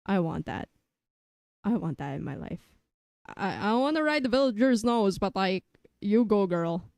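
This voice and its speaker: A young woman live-streaming who rambles chaotically, swears a lot and argues with herself in quick back-and-forth. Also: mid-range voice, expressive, creaky, a little mellow, dry recording, clean studio sound. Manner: jumps between silly sounds, jokes and random tangents. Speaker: variety streamer.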